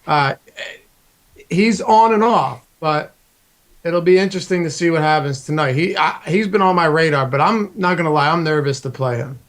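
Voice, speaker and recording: Laid-back male co-host, slightly high voice, loose and conversational. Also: moderate pace. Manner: relaxed, chatty, drops "man" and stats. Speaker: fantasy baseball show co-host. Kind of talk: casual sports chat.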